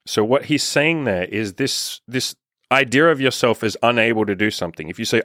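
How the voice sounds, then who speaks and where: A man's voice: fairly low pitch, lively intonation, normal speed, fairly bright tone, no room sound, studio quality. A young man coaching on dating, talking bluntly with frequent swearing and reading passages aloud from a book. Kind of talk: motivational monologue with book reading.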